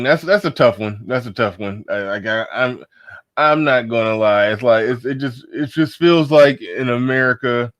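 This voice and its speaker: A man's voice: medium pitch, no room sound, studio quality. A man hosting a casual livestream chat, laid-back with loose slang and frequent laughter, reading out viewer messages. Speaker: show host.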